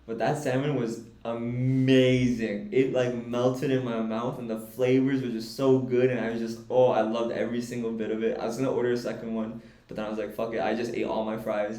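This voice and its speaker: A young man with a mellow, medium-pitched voice co-hosts a podcast, rambling through a story in casual chat with laughs and restarts. The recording has a roomy echo.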